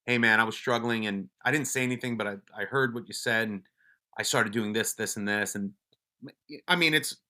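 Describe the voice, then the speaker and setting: A man with a bright, forward voice tells stories in a casual, offhand way. He is blunt and swears freely, often breaking off and restarting sentences mid-thought. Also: on the low side, a little fast. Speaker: podcast guest, police officer and wellness advocate. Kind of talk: casual storytelling.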